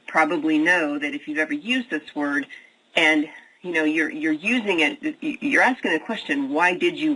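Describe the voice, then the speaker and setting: A leadership trainer explains his points in a webinar, circling back and repeating words as he goes. His voice is forceful and bright but husky, with a gravelly edge. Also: fairly high pitch, rough recording. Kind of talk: recorded webinar presentation.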